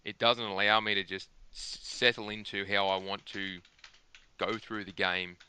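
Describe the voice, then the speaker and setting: A man's voice: lowish voice, little pitch movement, normal speed, bright, forceful tone, clear, resonant tone. A man talking at length on a gaming podcast, rambling and emphatic, restarting his sentences often. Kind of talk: casual chat.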